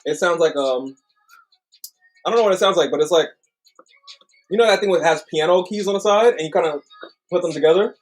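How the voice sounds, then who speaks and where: A man's voice: on the high side, brisk, pauses often, poor audio. A young man co-hosting a casual livestream chat, rambling and apologetic, laughing often. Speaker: livestream co-host.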